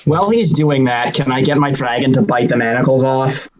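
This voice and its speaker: A man's voice: medium pitch, brisk, highs cut off, over a noisy crowd. A man playing in a tabletop game, talking casually and matter-of-factly. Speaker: player.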